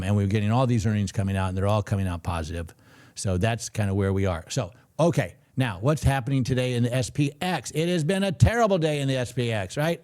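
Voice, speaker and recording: A man's voice: lowish voice, a little mellow. A middle-aged man hosting a casual live trading stream, chatty and jokey, reading viewer comments aloud. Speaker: trading show host.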